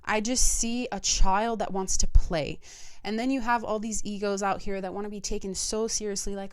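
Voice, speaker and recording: A young woman hosts her own podcast in a frank, emphatic monologue. She swears casually as she talks. Her voice is smooth and clear, in a middle register. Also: medium pitch, steady tone, normal speed. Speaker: podcast host. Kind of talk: personal monologue.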